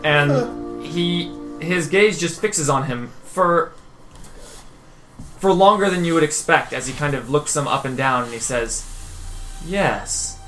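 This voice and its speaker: A man acting as game master, narrating a tabletop game and voicing its figures in a measured, halting way with frequent restarts. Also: on the high side, expressive, a bit bright, soft background music, poor audio.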